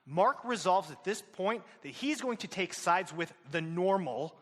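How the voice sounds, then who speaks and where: A man's voice: sits high, expressive, a little slow, big-room sound. A male teacher retelling a novel's plot to his students, with fillers and questions to the class.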